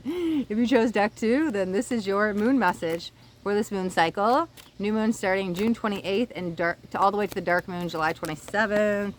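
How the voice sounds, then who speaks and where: A woman's voice: mid-range voice, moderate pace. A woman with a mid-range voice rambles through an oracle card reading, talking straight to her viewers and checking in with them often. She is recording outdoors by the water, with a faint outdoor hum behind her. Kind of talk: casual card reading to camera.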